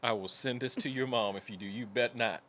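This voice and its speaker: A man's voice: mid-range voice, brisk, sharp tone, a little hiss or hum. A man co-hosting a pop culture podcast, wry and exasperated as he reads out stats. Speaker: podcast co-host. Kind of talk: casual chat.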